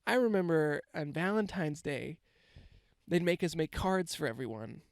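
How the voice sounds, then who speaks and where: A man's voice: fairly high pitch, animated, normal speed, gravelly, no echo. A man, telling a rambling, self-mocking comic story and swearing freely. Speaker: comedian. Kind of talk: casual comedic storytelling monologue.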